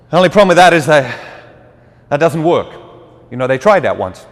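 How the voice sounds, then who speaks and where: A man's voice: fairly high pitch, very animated, fairly quick, long pauses. A man speaking as a deacon, giving a humorous talk to a live audience, joking and quizzing the listeners and laughing at his own lines. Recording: long hall reverb.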